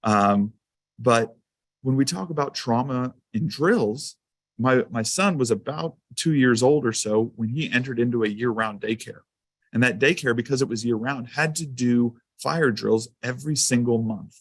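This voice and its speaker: A man of middle pitch gives a school safety presentation, mixing guidance with personal stories. He talks casually, with plenty of "um"s and small restarts. The sound is dry and close, with hardly any room in it. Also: moderate pace, no echo. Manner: conversational storytelling with fillers. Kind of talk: anecdotal presentation to a council.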